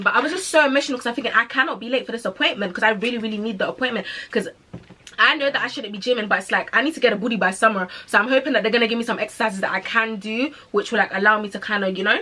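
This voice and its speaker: Fast-talking young British woman. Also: a little high, sharp tone. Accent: British, London slang. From United Kingdom. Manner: chatty, slangy, addresses listeners as guys. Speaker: podcast host. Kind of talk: casual storytelling chat.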